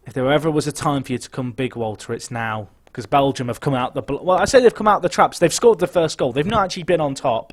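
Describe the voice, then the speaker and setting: This young streamer talks fast with few pauses in a mid-range voice while commentating a football management game live. Nervous and excitable, he's chatty throughout, muttering at times before bursting into shouts.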